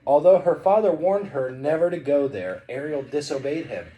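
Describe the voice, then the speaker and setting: Lively dad reading a bedtime story. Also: male voice, a little high, normal speed, phone-quality sound. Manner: lively, playful, chatty between passages. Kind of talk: reading a picture book aloud to a child.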